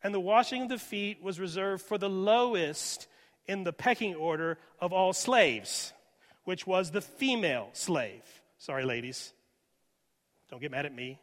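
A male pastor preaching a sermon with dynamic delivery, moving from loud emphasis to hushed near-whispers. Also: high voice, measured pace. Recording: reverberant hall.

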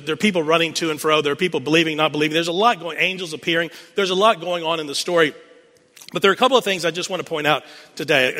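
A man's voice: fairly high pitch, sharp tone. A man preaching a sermon, retelling a scripture scene as a story and repeating key phrases for emphasis. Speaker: pastor. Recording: long reverb of a large hall.

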